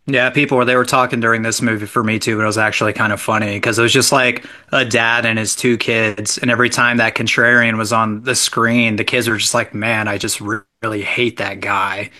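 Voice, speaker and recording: A man's voice: mid-range voice, level tone, a little fast, few pauses, pushed and bright. A man casually chatting as a podcast co-host, giving an easygoing, enthusiastic movie review. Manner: easygoing, enthusiastic reviewer with loose filler words. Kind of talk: casual chat.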